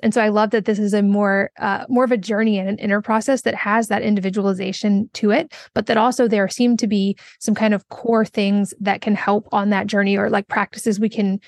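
A woman host on a podcast interview, thoughtful and fluent as she builds long, flowing questions. Her voice sits at a middle pitch and is recorded dry and close, with no room sound. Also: little pitch movement, brisk, vocal fry, few pauses, a little mellow, dry recording.

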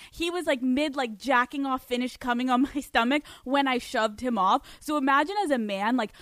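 A high-voiced woman podcast host tells a story casually and energetically, swearing freely and often laughing mid-sentence. The recording is dry and close, with no room echo.

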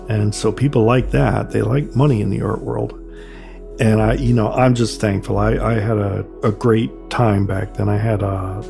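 An older man, a graffiti artist telling stories from his career in a relaxed, conversational way. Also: vocal fry. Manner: conversational, acts out quotes with raised pitch. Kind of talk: reflective storytelling. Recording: soft music underneath.

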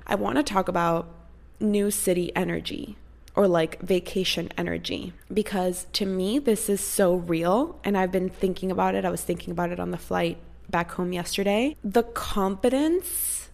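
A woman's voice: fairly low pitch, creaky. A young woman chatting casually to her viewers, telling a story in a gushing, rambling way with many fillers. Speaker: vlogger.

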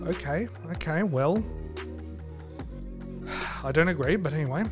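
High-voiced man ranting crudely. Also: expressive, slow pace, pauses often, soft background music. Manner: crude, angry, mock-outraged ranting. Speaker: podcast host. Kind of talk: comedic rant podcast.

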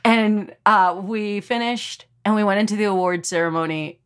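A woman from Texas, a comedian telling a story in casual podcast chat, animated and full of fillers, acting out quotes. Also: medium pitch, brisk, smooth. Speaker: comedian guest.

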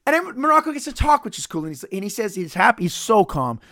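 A man with a fairly high, gravelly voice rambles through a solo podcast review, swearing freely and cracking sarcastic asides. The sound is dry and close, with no room around him. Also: big pitch swings, fast, sharp tone, dry recording. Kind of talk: casual solo commentary.

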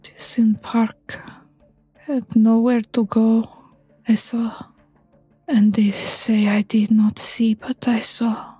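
A woman voicing a delirious, terrified male patient in whispered role-play, speaking halting broken English in fragments. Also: on the high side, level tone, mellow, husky, no echo, faint music behind, exaggerated voice. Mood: haunted whisper.

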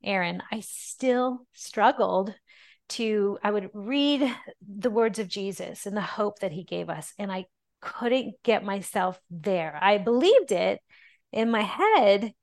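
A woman's voice: medium pitch, expressive. A middle-aged woman, a podcast guest, telling her faith story in an earnest, emotional way. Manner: earnest and emotional, often slowing down and softening. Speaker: podcast guest, ministry founder. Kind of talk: personal testimony in a podcast interview.

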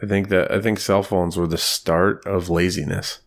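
A man's voice: low-pitched, little pitch movement, moderate pace, gravelly. A man co-hosting a podcast in casual chat, laid-back with short replies. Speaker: podcast co-host.

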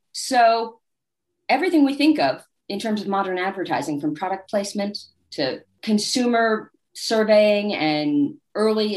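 A woman guest author telling candid, wry anecdotes in a casual interview. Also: medium pitch. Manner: acts out quoted people in lively voices.

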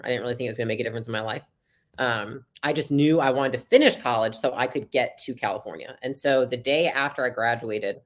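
A young adult woman, a podcast guest, telling her story in a casual, chatty interview and acting out the dialogue. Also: rumbling low. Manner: fast, chatty, acts out quoted dialogue.

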